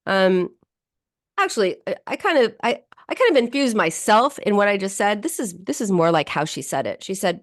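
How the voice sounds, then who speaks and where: A woman's voice: mid-range voice, sing-song, normal speed, dry recording, studio quality. A woman podcast host and psychotherapist explaining a client's case, often restarting her sentences with "you know.". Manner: explanatory, warm-paced storytelling with frequent "you know" and restarts. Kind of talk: radio podcast talk with client story.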